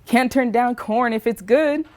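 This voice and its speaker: A woman voicing a bony, indifferent male clerk who answers in terse, flat replies. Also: very high voice, measured pace, voice pushed up.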